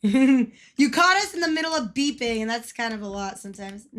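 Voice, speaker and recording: A woman's voice: fairly high pitch, normal speed, fairly bright tone. A woman livestreaming in a casual, playful way, giggling and swearing now and then as she chats.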